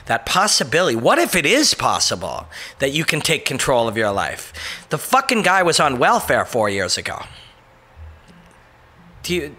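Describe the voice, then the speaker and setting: A man's voice: on the high side, pushed and bright. A man hosting a casual motivational monologue, rambling and emphatic, with frequent swearing and brief mocking voices for quotes. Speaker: host.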